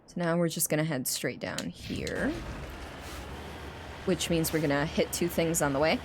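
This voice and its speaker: A woman with a slightly low voice streams a game and chats casually with her viewers. She rambles and restarts her sentences. Steady noise runs under her voice. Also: normal speed. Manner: rambling and chatty, with frequent restarts. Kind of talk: casual chat while playing and reading chat aloud.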